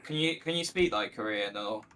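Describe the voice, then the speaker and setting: Young guy calling a strategy match live, bright tense voice, talks through build orders, headset mic. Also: on the low side, expressive, moderate pace, a little hiss or hum. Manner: chatty, analytical play-by-play. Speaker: esports caster. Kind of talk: live esports commentary.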